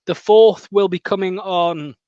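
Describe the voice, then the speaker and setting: A young man with a high voice rambles and jokes through a fan show, full of fillers and quick asides. His voice comes through dull and dry, like muffled video-call audio. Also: steady tone, dark tone, smooth, no echo. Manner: chatty, jokey, rambling with many fillers. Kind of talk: casual chat.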